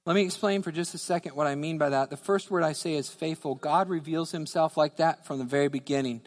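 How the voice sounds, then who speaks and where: A man with a fairly high voice preaching a sermon from the pulpit. He repeats key phrases for emphasis and drops low on the words he wants to land. His voice rings through a church hall with a long reverb tail. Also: quick pace. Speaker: pastor. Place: church sanctuary.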